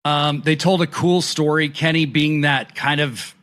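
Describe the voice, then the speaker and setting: A man co-hosting a wrestling podcast, his voice bright and a touch higher than most. He recaps matches with excitement, swearing freely and acting out the wrestlers' lines in casual chat. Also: measured pace. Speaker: podcast co-host.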